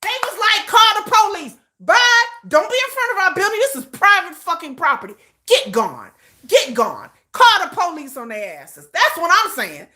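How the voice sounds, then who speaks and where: Middle-aged woman livestream host, bright voice, swings up and down a lot, cussing and repeating herself. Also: extremely high pitch, very animated, moderate pace. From United States. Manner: profane, emphatic, repetitive. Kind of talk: casual livestream rant.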